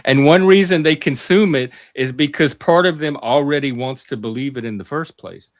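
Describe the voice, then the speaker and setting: A man's voice: on the high side, normal speed, dry recording, clean studio sound. A man hosting a casual discussion, arguing his view emphatically and often repeating his first words as he starts a thought. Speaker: host.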